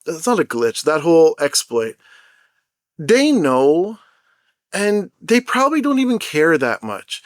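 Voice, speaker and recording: A young man on an unscripted vlog rant, rambling and swearing freely as he tells his story with plenty of animation. His voice sits a bit higher than most men's. The sound is close and dry, with no room echo. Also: sing-song, unhurried. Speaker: mobile game content creator.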